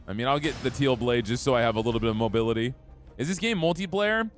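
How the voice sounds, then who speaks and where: A man's voice: medium pitch, animated, fast talker, faint music behind. Chatty young male game streamer. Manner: upbeat, chatty, talks to chat. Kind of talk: live gameplay commentary.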